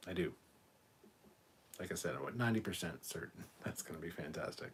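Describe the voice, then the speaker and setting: A man's voice: deep voice, lively intonation, fairly quick, slight background noise. A tired man hosting a late-night livestream, reading viewer comments aloud and answering them frankly, swearing freely. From Canada. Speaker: livestream host. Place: warm room at home.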